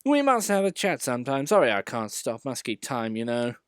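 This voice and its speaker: A man's voice: mid-range voice, big pitch swings, a little fast, clean tone, dry recording, studio quality, close to an everyday voice. A man doing a sulky, haughty tank engine, Sir Handel. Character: grumpy proud young male tank engine.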